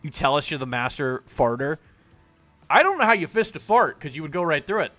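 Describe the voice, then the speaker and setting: A man's voice: a little high, a little fast, faint music behind. A man streaming a video game, reading its text aloud in put-on voices and reacting with laughs and swearing. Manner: animated, swears and laughs often.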